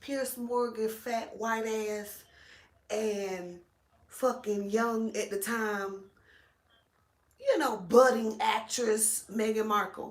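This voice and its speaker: A woman's voice: on the high side, takes it slowly. Blunt, profane woman chatting in an echoey room. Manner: animated, blunt and profane, lots of slang. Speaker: vlogger. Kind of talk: casual chat while braiding hair.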